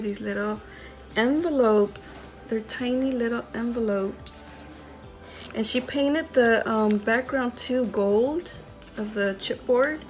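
A woman hosting a crafting video, unboxing mail from a friend and gushing over each handmade piece with excited exclamations. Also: on the high side. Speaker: crafting channel host.

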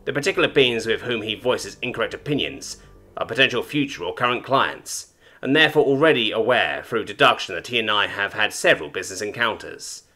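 A man's voice: on the low side, animated, a little fast, bright, forceful tone. A man voicing a haughty, cold female alien information broker in a storybook reading, with clipped, formal, disdainful speech.

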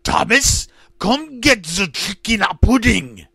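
A man's voice: high-pitched, animated, slow pace, vocal fry, sharp tone, breathy edge, no echo, voice pushed up, exaggerated voice. A man voicing an unseen man who screams in a thick German accent. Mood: screaming.

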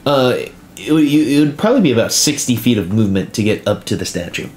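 A man narrating as game master of a tabletop game, relaxed and dotted with "uh" pauses. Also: fairly low pitch, a little hiss or hum.

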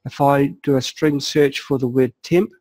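A man calmly narrating a software walkthrough step by step, explaining each setting as he clicks through it. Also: medium pitch, moderate pace, no room sound, low-quality recording. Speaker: software tutorial presenter. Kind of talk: screen-recorded software walkthrough.

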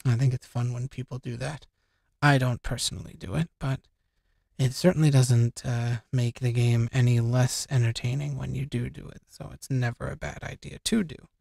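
A man's voice: mid-range voice, fairly even intonation, normal speed, creaky, darkish tone, dry recording. A young man casually commenting on a video game as he plays, rambling and joking with lots of swearing. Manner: rambling, profane, jokey. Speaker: game streamer. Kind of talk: casual let's-play commentary. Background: game music.

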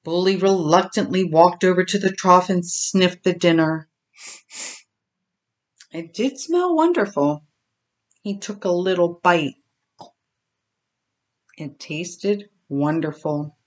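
Gentle older woman reading a children's story. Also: on the low side, slow pace, pauses often. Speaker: grandmother storyteller.

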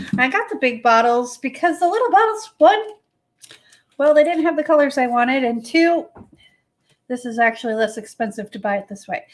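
A woman's voice: high voice, a bit bright. A woman hosting a live painting demo, chatty and folksy, talking to her paint as she works. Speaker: host.

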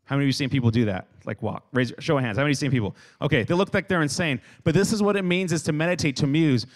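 A man preaching a lively youth sermon who acts out everyday scenes and has the crowd repeat words after him. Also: on the high side, rapid-fire. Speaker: youth speaker.

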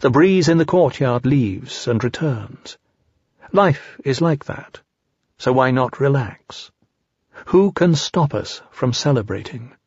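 Husky-voiced man narrating calmly. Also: mid-range voice, slow, dry recording, dull audio. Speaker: audiobook narrator. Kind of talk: scripted narration.

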